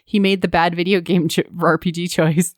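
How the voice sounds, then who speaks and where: A woman hosting a casual fan podcast, making quick guesses and playful asides. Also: fairly low pitch, steady tone, no room sound, studio quality. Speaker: podcast host.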